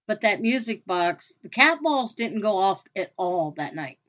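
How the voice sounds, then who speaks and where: A woman co-hosting a radio show, chatting casually in a relaxed way, often hesitating and trailing off. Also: medium pitch, unhurried, slight background noise. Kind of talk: casual chat. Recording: dull lo-fi podcast audio.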